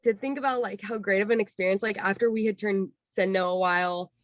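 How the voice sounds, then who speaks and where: Animated young woman telling a story. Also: brisk, no room sound. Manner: animated storyteller, acts out quotes in a higher voice, lots of "like". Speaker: guest, former theme park cast member. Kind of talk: casual storytelling interview.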